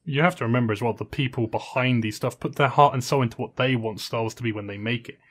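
A man's voice: mid-range voice, quick pace, fairly bright tone. A man co-hosting a podcast in casual chat, earnestly and steadily laying out an argument. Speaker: podcast co-host.

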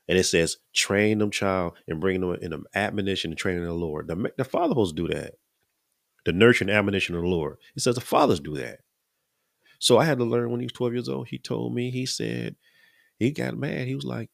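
A man's voice: low-pitched, brisk, vocal fry, dry recording, clean studio sound. A middle-aged man, talking earnestly in a casual preaching style, often repeating and restarting his words. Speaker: podcast host.

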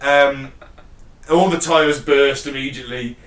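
A man's voice: mid-range voice, measured pace, a bit bright. Male co-host, rambling sweary storyteller, set back from the mic in a reverberant room. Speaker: podcast co-host. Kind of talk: casual chat. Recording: echoey room, distant mic.

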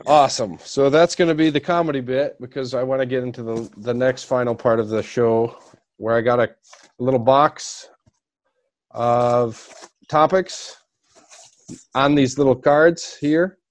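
A man's voice: medium pitch, fairly even intonation, a little slow. A man hosting a podcast in casual chat, asking loose, rambling questions. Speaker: podcast host.

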